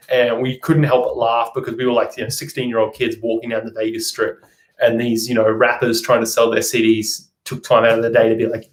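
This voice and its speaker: A man's voice: mid-range voice, steady tone, a little fast. A young Australian man chatting casually on a live stream, reading out and answering viewer comments. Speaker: vlogger.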